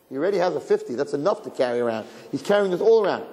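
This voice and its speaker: A man, a rabbi, giving a conversational sermon as an animated storyteller who acts out voices. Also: on the high side, rapid-fire, few pauses. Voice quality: gravelly. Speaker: rabbi lecturing. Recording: reverberant hall, faint background noise.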